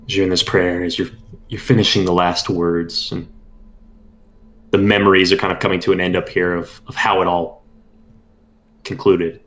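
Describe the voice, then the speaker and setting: A man narrating a tabletop role-playing game as game master, describing scenes in a measured storytelling way. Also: deep voice, little pitch movement, fairly bright tone.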